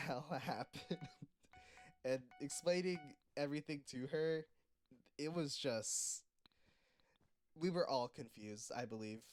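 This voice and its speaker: A man narrating a casual storytime about his job in a relaxed, rambling way, with fillers and little laughs. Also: mid-range voice, no echo. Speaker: storytime video creator.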